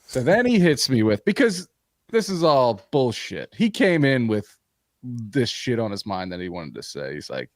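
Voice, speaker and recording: A man hosting a comedy podcast, telling a story in a profane, animated, ranting way. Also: medium pitch, moderate pace, dry recording, clean studio sound. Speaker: podcast host.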